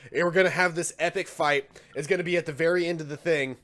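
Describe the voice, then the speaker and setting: A man's voice: fairly high pitch, steady tone, fast talker, fairly bright tone. Joking man running a dungeon game. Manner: joking, laughs often. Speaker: dungeon master. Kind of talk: running a tabletop game session.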